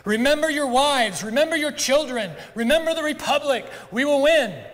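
A man playing a male commander rallying troops before battle, shouting battle cries. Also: very high-pitched, animated, normal speed, pitched above the performer's own voice. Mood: rousing. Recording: long church hall reverb.

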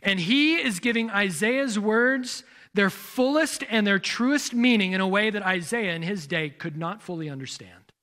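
A man with a high-sitting, expressive voice preaches at a moderate pace, hardly pausing, his tone bright and forceful. As pastor he explains scripture in expository fashion, raising rhetorical questions and telling people where to find passages in their Bibles.

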